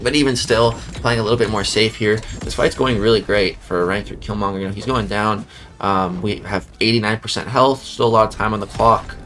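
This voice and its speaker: Low-voiced man ranting over gameplay. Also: brisk. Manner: animated, exasperated rants at the opponent; casual slang, repeats "dude" and "bro". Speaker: gaming YouTuber. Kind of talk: game commentary voice-over.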